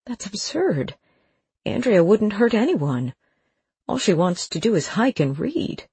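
A woman's voice: mid-range voice, big pitch swings, measured pace, warm tone, breathy edge, no echo, pitched above the performer's own voice, exaggerated voice. A narrator voicing a distressed, defensive woman who pleads with a shaky voice, in an audiobook. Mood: upset pleading. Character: distressed middle-aged woman protecting her niece. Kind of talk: audiobook character voice.

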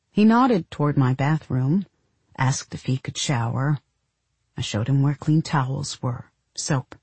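A woman narrating literary fiction in a measured, deadpan way, with a husky voice. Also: sits low, dry recording.

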